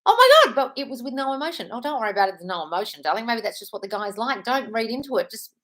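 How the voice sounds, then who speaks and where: A woman's voice: mid-range voice, expressive, rapid-fire. A woman in her thirties hosting a casual live stream from home, answering viewer comments in a chatty, reassuring way, calling people darling and swearing now and then. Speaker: manifestation coach hosting a live Q&A.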